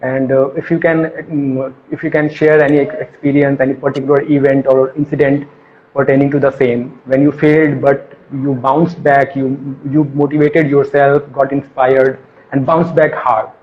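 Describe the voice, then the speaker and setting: A man hosting a live video call interview, courteous and formal, often pausing with fillers. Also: medium pitch, flat delivery, dull audio, slight background noise. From India. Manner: courteous, polite formal phrasing, hesitant with fillers. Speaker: interview host.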